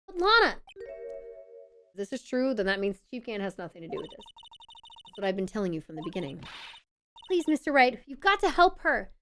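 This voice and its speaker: A woman's voice: mid-range voice, big pitch swings, a little fast, long pauses, a bit bright, soft background music. A woman streamer voicing a devoted, anxious young woman who pleads to defend her older sister, while reading game dialogue aloud. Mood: pleading.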